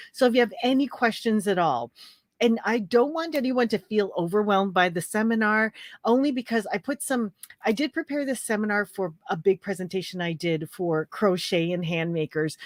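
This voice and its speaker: A woman's voice: medium pitch, no echo, clean studio sound. A woman hosting a casual livestream, chatty and greeting viewers by name, her throat a little phlegmy. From Canada. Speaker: livestream host. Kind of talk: casual live chat.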